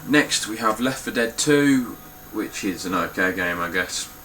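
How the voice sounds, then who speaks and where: A man's voice: fairly low pitch, expressive, a little slow, pushed and bright, a little hiss or hum, low-quality recording. A young man talking casually through his game collection, blunt and swearing freely. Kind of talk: casual spoken collection walkthrough.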